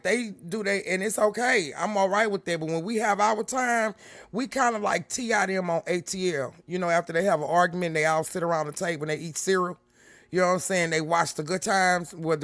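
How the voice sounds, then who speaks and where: A woman's voice: fairly low pitch, a bit bright, no echo. A woman hosting a casual livestream from a room at home, chatting with viewers and calling them baby and honey. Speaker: livestream host.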